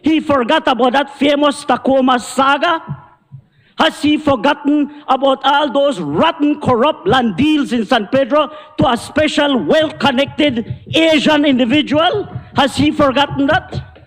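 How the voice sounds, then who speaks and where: Man, Belizean accent, very high pitch, combative parliamentary speech, long reverb. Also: unhurried. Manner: indignant, combative, rhetorical. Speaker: member of parliament. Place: parliament chamber. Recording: long reverb of a large chamber.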